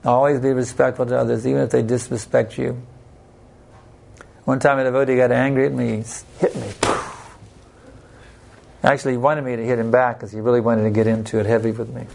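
A man teaching a devotional scripture class in an unhurried, plain-spoken way, telling personal stories. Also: mid-range voice, little pitch movement, vocal fry, darkish tone.

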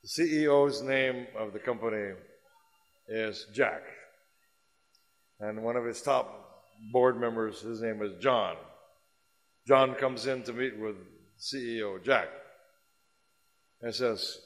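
A man lectures a religious class with animated, rambling storytelling. His voice sits at a mid pitch. A long hall reverb trails after it. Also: slow, pauses often. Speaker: religious teacher.

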